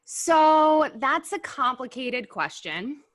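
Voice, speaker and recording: A woman hosting a casual chat while tasting wings, animated and blunt, sometimes talking with her mouth full. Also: high-pitched, slow pace. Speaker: host. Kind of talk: casual food review chat.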